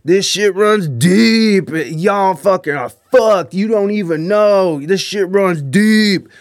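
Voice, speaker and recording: A man putting on a drunk, blustering man who drawls out slow, boastful threats. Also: high-pitched, no room sound, studio quality.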